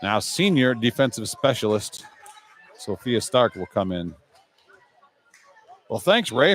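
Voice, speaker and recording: A man doing live play-by-play commentary as the show's announcer, brisk and chatty, with casual asides between rallies. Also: medium pitch, big pitch swings.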